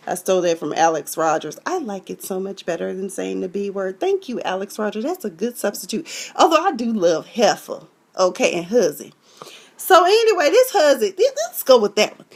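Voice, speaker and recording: Speaking brisk and very animated in a mid-range voice, a woman with a Texan accent walks through a TV episode. She's sassy and exclamatory, voicing the characters as she acts out scenes in this casual recap.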